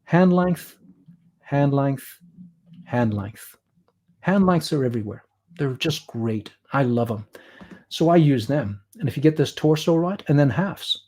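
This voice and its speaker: A man's voice: mid-range voice, animated, a little slow, mellow. A man with an Irish accent, a guest artist chatting and explaining while he draws on a livestream. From Ireland. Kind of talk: drawing demo chat on a livestream.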